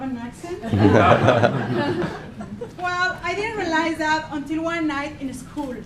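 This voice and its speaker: A woman with a Mexican Spanish accent giving a humorous contest speech, deadpan and pausing for laughs. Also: high voice, distant mic. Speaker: contest speaker. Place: meeting hall with audience. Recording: echoey hall, mic from afar, crowd laughing.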